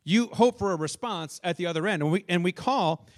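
Male pastor, high voice, lively storytelling sermon with questions to the congregation. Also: a little fast. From northern United States. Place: church.

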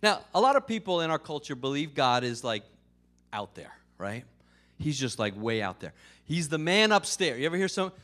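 A man's voice: fairly high pitch, big pitch swings, normal speed, fairly bright tone. A man preaching a sermon as pastor, in a conversational way with casual fillers and joke-telling.

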